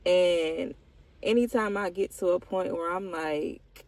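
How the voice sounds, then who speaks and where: A young woman vlogger speaks slowly and thoughtfully. Her voice is low, dark and gravelly. She talks candidly and heartfelt, with casual slang. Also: dry recording. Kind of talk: candid personal check-in.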